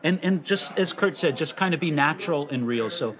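A man's voice: fairly high pitch, expressive, brisk, background noise. A man hosting a casual faith conversation, reading listener questions aloud in a teasing, inquisitive way.

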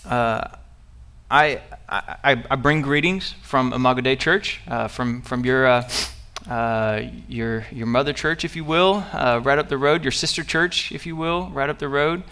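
A man's voice: mid-range voice, unhurried, bright, forceful tone, smooth. A young man preaching as a guest, earnest and personal, with many fillers and restarts. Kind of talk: sermon.

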